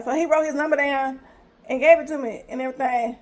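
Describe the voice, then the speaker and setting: A woman telling a personal story to her viewers in a casual, animated way, acting out the dialogue. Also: high voice, fast. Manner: animated, retells scenes with quoted dialogue.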